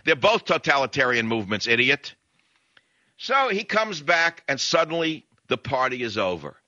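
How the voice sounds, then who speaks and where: A combative male talk radio host rants with a forceful, tense edge and a sneering, insulting manner. The sound is dry and close, with a slightly dull, lo-fi radio tone. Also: mid-range voice, very animated, moderate pace, dry recording. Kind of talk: ranting political talk radio monologue.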